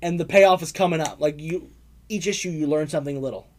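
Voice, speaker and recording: A young man with a slightly higher voice talks through a comic review in a loose, rambling way. He piles on fillers and chuckles as he goes, casual and conversational. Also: fast talker. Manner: rambling, filler-heavy, laughs often. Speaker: comic book podcast co-host.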